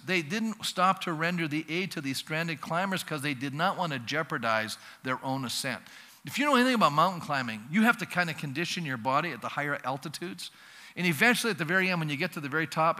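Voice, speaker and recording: A male pastor preaching a sermon in a lively, conversational way, acting out little dialogues for the congregation. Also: fairly high pitch. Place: church sanctuary. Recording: long reverb of a church hall.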